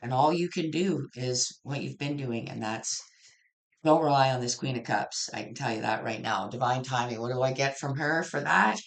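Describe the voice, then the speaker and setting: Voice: medium pitch, moderate pace, gravelly. A tarot reader giving a casual general reading, frank and blunt, swearing freely and rambling through restarts.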